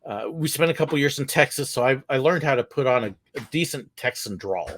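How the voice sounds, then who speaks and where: A man from California telling relaxed stories over a video call, laughing often. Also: mid-range voice, a little fast. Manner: easygoing storyteller, laughs often. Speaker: guest, former theme park ride skipper. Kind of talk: casual video call chat.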